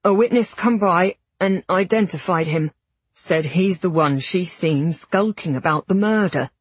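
A woman voicing a nervous working-class male servant who speaks in halting, rough common speech. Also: on the low side, dry recording. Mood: shaken.

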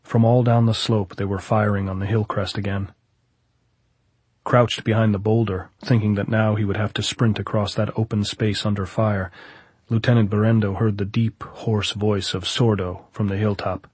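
Man reading fiction aloud, measured and even; low, husky tone. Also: no echo. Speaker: audiobook narrator. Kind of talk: scripted narration.

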